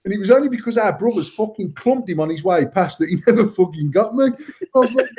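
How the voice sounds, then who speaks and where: Sweary bloke telling a story, muffled. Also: male voice, high-pitched, fast, husky. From United Kingdom. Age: adult. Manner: sweary, animated, laughs through his own story. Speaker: podcast co-host. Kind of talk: casual storytelling banter. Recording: dull lo-fi sound.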